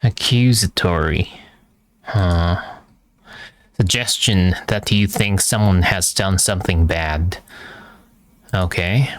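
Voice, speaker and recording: A man reading aloud for practice, halting and hesitant, repeating words as he sounds them out. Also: sits low, steady tone, no echo, studio quality. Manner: frequent filler hesitations. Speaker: language learner reading aloud. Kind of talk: reading practice with pronunciation drills.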